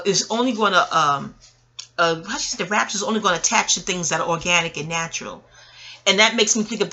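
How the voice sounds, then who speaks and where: A woman in her forties from Queens, New York, talking in a digressive, profane monologue with loud bursts of laughter. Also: mid-range voice. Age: 40s. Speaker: channel host. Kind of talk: rambling audio monologue.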